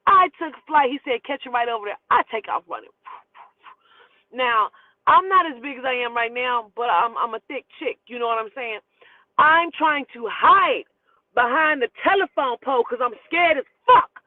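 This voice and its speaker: A woman telling a personal story in casual, animated, profane speech and acting out the dialogue. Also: high voice, moderate pace, no room sound. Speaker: storyteller host. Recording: dry, phone-like thin sound.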